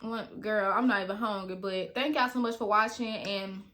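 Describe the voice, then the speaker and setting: A woman in her twenties chatting casually to viewers in a story-time vlog, animated and full of slang. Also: mid-range voice, normal speed, slight background noise. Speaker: vlogger.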